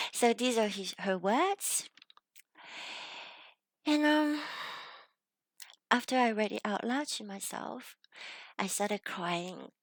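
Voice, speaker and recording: Slow-spoken woman with a Chinese accent. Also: medium pitch, dry recording. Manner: earnest, with some hesitant fillers. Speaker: self-development vlogger. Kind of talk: reflective personal storytelling to camera.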